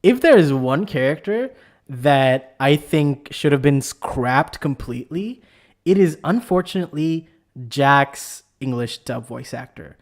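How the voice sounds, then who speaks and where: A man hosting a casual anime discussion, rambling and excitable with lots of fillers and restarts. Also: on the high side, measured pace. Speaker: podcast host.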